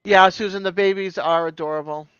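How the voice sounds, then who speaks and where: High, clear Boston man chatting on stream. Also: steady tone, brisk, fairly bright tone, no room sound. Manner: chatty, laughs often, reads viewer chat aloud. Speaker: livestream host. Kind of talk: casual chat. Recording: dull lo-fi stream audio.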